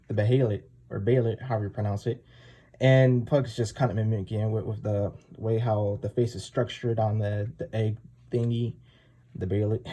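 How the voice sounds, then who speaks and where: A man's voice: fairly low pitch, dark tone. A man casually recapping a comic chapter, rambling and full of filler words. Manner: rambling, full of "like" and "you know". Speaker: comic reviewer.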